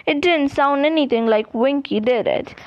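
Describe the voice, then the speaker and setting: A woman's voice: sits high, moderate pace, dull audio. A woman voicing an earnest, clever teenage schoolgirl who pleads her case.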